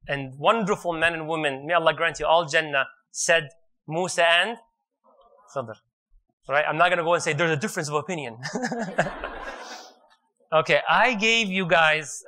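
A man preaching a sermon, retelling a story in an animated way and joking and laughing with his audience. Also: a little high.

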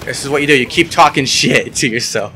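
A man's voice: medium pitch, fairly quick, sharp tone, a little hiss or hum. A young man commentating his online shooter match, sarcastic and swearing, yelping when things go wrong. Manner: sarcastic, swears often, yelps when frustrated. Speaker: gaming YouTuber. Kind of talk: casual gameplay commentary.

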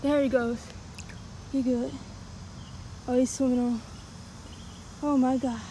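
A tired woman with a cracking voice, rambling excitedly in a casual outdoor fishing vlog by a pond, recorded on a handheld camera. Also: high voice, slow, a little hiss or hum, low-quality recording. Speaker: fishing vlogger. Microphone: handheld phone or action camera.

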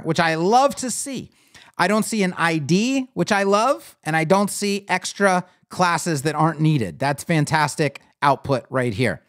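A man's voice: a little high, fairly bright tone, dry recording, studio quality. A man hosting a live web design show, thinking aloud in a blunt, opinionated way as he clicks through a builder on screen. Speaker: web design livestream host. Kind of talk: live screen-share tutorial and critique.

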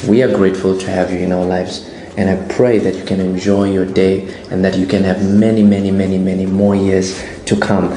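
A man with a very low, dark and mellow voice speaks in an earnest, slow and prayerful way. His delivery stays flat and even. He is recorded in an echoey room with a faint hum of ambient noise behind him. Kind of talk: recorded birthday greeting.

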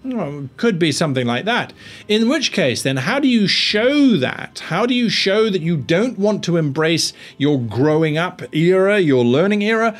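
A man's voice: high-pitched, very animated, measured pace. A man giving a rambling, think-aloud tutorial on tabletop game mastering, with frequent restarts.

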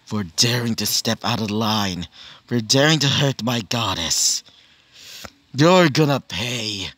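A man voicing a vengeful young male hero bonded to a dark symbiote, speaking cold, slow and menacing. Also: mid-range voice, animated, no echo, voice pushed down.

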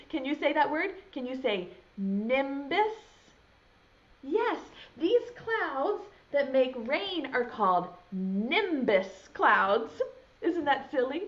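Woman, preschool teacher, animated sing-song voice, slow encouraging delivery, muffled recording. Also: sits high. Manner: exaggerated encouraging, prompts children to repeat. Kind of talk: children's lesson, slow sing-song recitation. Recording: dull lo-fi home video sound.

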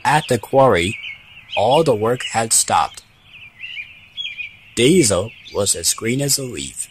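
A man reading a children's story as narrator, lively and slipping into a voice for each character. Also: medium pitch, slow pace, slight background noise. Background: background music.

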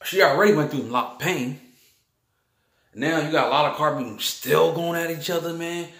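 A man's voice: on the high side, moderate pace, a bit bright, reverberant. A man, rambling through a heated spiritual monologue, repeating himself and ending his lines with "man". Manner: heated, repetitive, keeps saying "man" and "bull crap".

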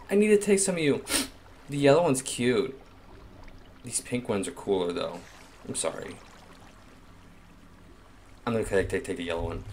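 A man giving let's play commentary, excitably talking to the game's items and swearing playfully. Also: fairly low pitch, slight background noise. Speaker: gaming YouTuber.

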